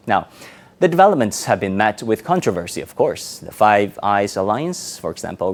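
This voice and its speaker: A man sitting in as host of a live-stream news show, chatting loosely before airtime and then reading a script crisply. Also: lowish voice. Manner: relaxed banter off air, crisp scripted delivery on air. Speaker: stand-in host.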